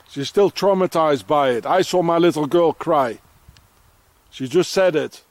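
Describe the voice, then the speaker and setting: A South African man, fairly high-voiced, records an angry, accusing vlog outdoors in deep snow. He talks into a handheld phone with a close, dry sound and keeps circling back to the same insults. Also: measured pace, no room sound. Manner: bitter, accusing, repeats insults. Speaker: father filming a vlog. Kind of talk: angry ranting vlog to camera.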